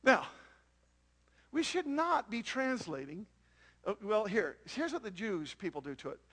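A man's voice: sits high, sing-song, measured pace, a bit bright. A man preaching a sermon to a congregation, often asking them rhetorical questions. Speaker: pastor.

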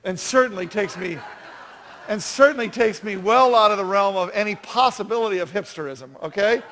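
A man's voice: high-pitched, a little fast, fairly bright tone, slight background noise. A man in his fifties preaching a sermon in a chatty, self-deprecating way, telling stories with animation. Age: 50s.

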